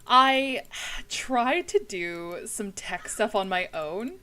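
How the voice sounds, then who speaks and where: Young woman streamer, bright tone, tired but chatty, casual swearing, faint hiss behind her. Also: mid-range voice, sing-song, very slow, poor audio. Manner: chatty, swears casually, talks to chat while playing. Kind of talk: casual gaming livestream chat.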